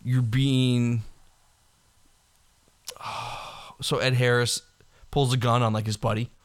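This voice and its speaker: A man riffing through movie plots with a co-host, cursing freely and laughing between lines. He drops into short impressions of the characters and talks in an even, middle-pitched voice. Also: clean tone. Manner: laughing, profane movie retelling with quick impressions. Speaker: podcast co-host. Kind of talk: casual chat.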